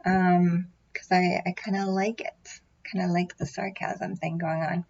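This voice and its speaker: Talking to camera about her tarot readings, a woman rambles in a self-deprecating way, full of fillers and false starts. She has a fairly low, flat, unhurried delivery with a slight mellowness. The sound comes from a built-in microphone array and is muffled.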